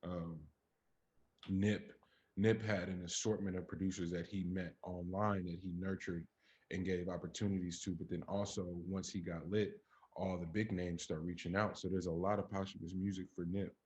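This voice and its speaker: A man co-hosting a podcast in casual chat, talking emphatically with plenty of profanity and rising to animated peaks. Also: deep voice, normal speed, lo-fi sound. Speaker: podcast co-host.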